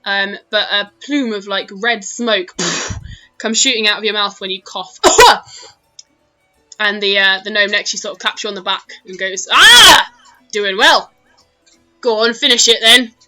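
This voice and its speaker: A woman's voice: mid-range voice, flat delivery, moderate pace, pushed and bright, faint music behind. A British woman narrating a tabletop game as dungeon master, chatty and full of fillers. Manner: chatty, laughing, lots of fillers.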